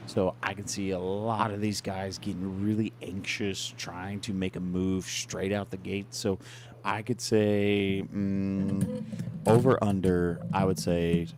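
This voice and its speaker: Deep-voiced man, casual race commentary. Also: noisy background. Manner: casual and hesitant, many fillers. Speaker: color commentator. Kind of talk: live sim racing commentary.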